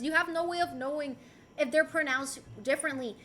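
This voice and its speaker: A woman's voice: high-pitched, moderate pace, bright, forceful tone, a little hiss or hum. A young woman streaming live, chatting casually and animatedly as she reads chat aloud and laughs often. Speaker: livestreamer.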